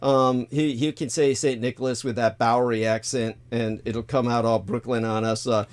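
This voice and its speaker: A man in the middle of his pitch range hosts a loose, rambling livestream talk. He drifts from point to point with plenty of fillers, throwing in irreverent, crude jokes along the way. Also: level tone, normal speed. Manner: irreverent, jokey, crude asides; loose and digressive, many fillers. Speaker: livestream host. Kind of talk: casual rambling monologue.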